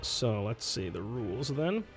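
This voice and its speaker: A man's voice: mid-range voice, very animated, unhurried, faint music behind. Chatty man streaming a solo tabletop game. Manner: chatty, reads rules aloud, answers chat, laughs often. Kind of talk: casual livestream play-through.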